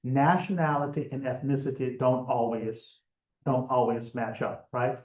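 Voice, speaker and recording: A man's voice: mid-range voice, a little slow, darkish tone. A man giving a conversational genealogy lecture, explaining step by step with frequent fillers and restarts. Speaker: genealogy presenter. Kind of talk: lecture presentation. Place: lecture room. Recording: roomy, muffled lecture recording.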